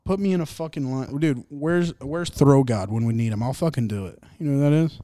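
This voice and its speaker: Brisk and dark-toned, a young man's mid-range voice carries a casual sports podcast where he rambles, jokes and swears over the games he's reacting to. The recording is dry.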